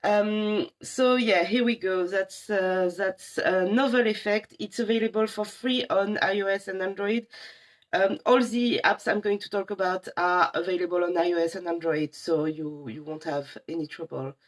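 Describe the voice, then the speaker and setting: A young adult woman from a library staff giving a casual live demo of apps, chatty and enthusiastic with many pauses. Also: medium pitch, fairly even intonation.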